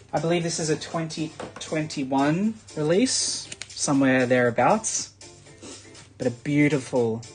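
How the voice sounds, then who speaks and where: Chatty Australian man, live-stream seller, casual pitch, faint background music. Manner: chatty sales pitch, full of fillers. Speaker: live-stream shopping host. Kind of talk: live sales stream chat.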